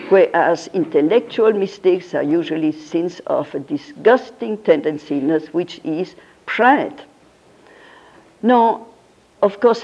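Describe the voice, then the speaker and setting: A woman's voice: on the low side, mellow. A woman giving a religious philosophy lecture, emphatic and fond of rhetorical questions. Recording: dull lo-fi recording.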